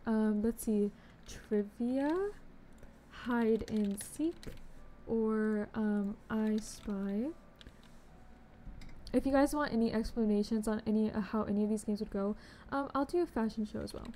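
Young woman streamer, bubbly chatty talk, slightly high mellow voice, faint background hiss. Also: measured pace. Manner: bubbly, chatty, greets viewers with pet names. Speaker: game streamer. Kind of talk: casual live-stream chat.

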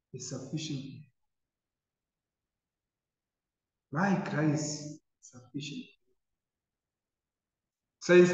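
A man preaching a sermon, repeating key phrases and swinging between loud emphasis and soft, drawn-out lines. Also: a little high, distant mic. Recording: echoey hall, dull lo-fi sound.

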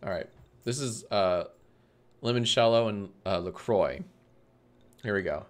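Slow-talking sarcastic male streamer. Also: lowish voice. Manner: sarcastic, joking, swearing. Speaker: livestream host. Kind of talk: casual livestream chat. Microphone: desk mic.

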